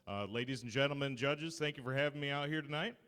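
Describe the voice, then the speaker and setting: A man's voice: mid-range voice, quick pace, fairly bright tone, clear, resonant tone. A man from Michigan introducing himself as an auction contestant and presenting his lot politely.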